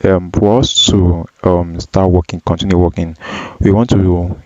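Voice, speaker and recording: A man teaching a data analysis tutorial, walking through each step slowly with frequent ums and self-corrections. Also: low-pitched, little pitch movement, a little mellow, dry recording. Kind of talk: screen-recorded software tutorial. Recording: dull, dry lo-fi voice track.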